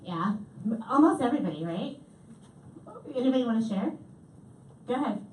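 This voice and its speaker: Female keynote speaker, slightly high voice, lively delivery, heard from far off in an echoey hall. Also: normal speed, slight background noise. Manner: lively, animated, repeats audience answers. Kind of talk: comedic keynote talk. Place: large hall.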